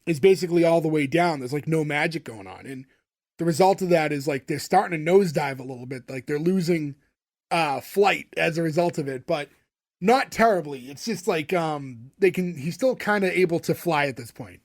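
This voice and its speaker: Young man, high voice, podcast co-host, rambling recap, filler-heavy. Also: expressive, normal speed. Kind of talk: casual recap chat.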